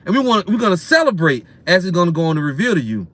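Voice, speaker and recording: A man with a high voice delivers a ranting sermon. He is profane and repetitive, ends phrases with "man", and lurches between loud bursts and quieter stretches. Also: sing-song, fast. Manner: profane, repetitive, swings in loudness and speed. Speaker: preacher.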